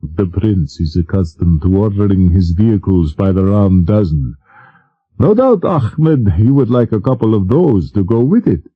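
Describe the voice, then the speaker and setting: A man's voice: on the low side, wildly swooping pitch, measured pace, hardly any pauses, slightly rough, phone-quality sound, heavily acted. A man voicing a dry-witted king who talks in a dry, mock-serious way. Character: dry-witted older male desert king.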